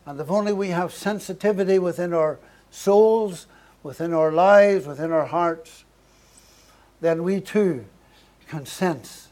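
A man's voice: high-pitched, measured pace, darkish tone. A man preaching a sermon, earnest, building emphasis through short repeated phrases.

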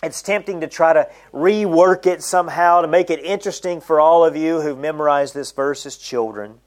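Middle-aged male preacher, sermon delivery, emphatic, a touch high-pitched. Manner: emphatic, slows down to stress key phrases.

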